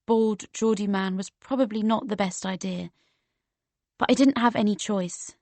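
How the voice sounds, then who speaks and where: A woman reading a first-person novel aloud as an audiobook narrator, steady and measured. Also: medium pitch, creaky, no room sound.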